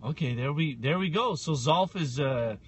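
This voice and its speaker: A man co-hosting a casual podcast chat, teasing his friend loudly and acting out voices. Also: a little high, moderate pace, breathy edge. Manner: teasing, loud and animated, acts out quoted voices. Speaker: podcast co-host.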